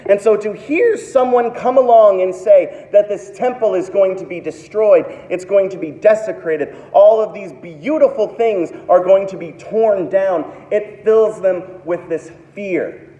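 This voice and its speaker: Brief: male pastor, 30s, dramatic sermon delivery, mellow tone, long hall reverb. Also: sits high, unhurried, few pauses. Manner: dramatic, acts out quoted voices. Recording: echoey hall, dull lo-fi sound.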